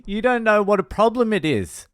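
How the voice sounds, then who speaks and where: A man mimicking a drunk, angry young woman who yells shrilly. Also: animated, normal speed, clean tone, dry recording, clean studio sound. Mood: indignant. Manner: shrill yelling.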